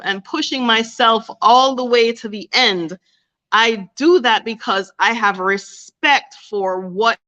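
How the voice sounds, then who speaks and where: A woman's voice: medium pitch, bright, forceful tone. A woman with a mid-range voice makes a heartfelt appeal to her viewers. She talks earnestly, circles back over her points and keeps asking "okay?". The recording sounds a little dull and lo-fi. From Jamaica. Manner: earnest, repeats herself, asks "okay?" often. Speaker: small business owner. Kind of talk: heartfelt direct-to-camera appeal. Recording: slightly dull lo-fi audio.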